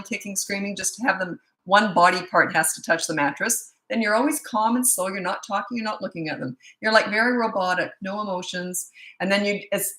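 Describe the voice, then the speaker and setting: A woman's voice: on the low side, bright, forceful tone, reverberant, low-quality recording. A woman parenting coach answering questions in a blunt, chatty way that often breaks off mid-thought. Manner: blunt, chatty, self-interrupting. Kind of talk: casual live Q&A.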